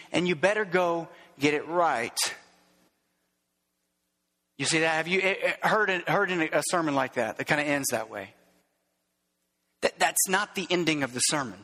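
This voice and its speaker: Fervent high-voiced preaching man. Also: bright, forceful tone, big-room sound. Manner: emphatic, fervent preaching with rhetorical questions and repeated words. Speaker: pastor. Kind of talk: sermon.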